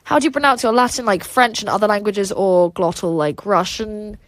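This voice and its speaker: A woman's voice: medium pitch, a little fast, dry recording. A woman hosting a casual livestream, reading chat aloud and rambling with lots of "like" and "um" fillers.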